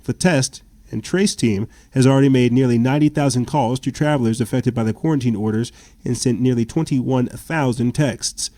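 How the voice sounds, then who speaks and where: At a normal speed, a man hosting a political podcast reads out news reports, breaking in with sarcastic, indignant remarks and stammering restarts. His voice is mid-range and dark, with no room sound audible.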